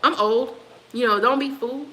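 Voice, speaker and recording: A woman's voice: a little high, moderate pace, bright, forceful tone, slight background noise, rough recording. A woman in her fifties hosting a casual livestream, reading viewer comments aloud and answering them with frequent laughter. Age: 50s. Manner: laughs often, talks back to commenters. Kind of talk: casual chat.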